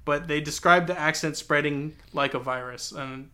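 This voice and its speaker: A man's voice: fairly high pitch, steady tone, normal speed, pushed and bright. A man from Texas co-hosting a podcast, chatting casually about a book in a rambling way full of fillers. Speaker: podcast co-host.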